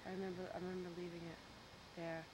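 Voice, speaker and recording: A woman's voice: lowish voice, level tone, quick pace, darkish tone, slight background noise, rough recording. A woman wisecracking playfully with her travel companion outdoors in a town, on a 1989 camcorder home video. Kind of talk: casual home video chat.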